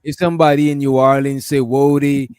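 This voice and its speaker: Calm panelist man, measured, slightly high voice. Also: a crowd in the background. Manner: calm, tries to slow things down. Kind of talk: panel debate.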